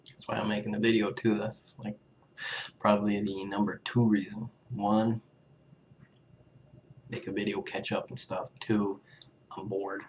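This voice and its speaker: Slow, low-voiced mumbling young man. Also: little pitch movement, slight background noise. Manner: mumbling, trailing off into near-whispers, sighs and laughs. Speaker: vlogger. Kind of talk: casual rambling vlog.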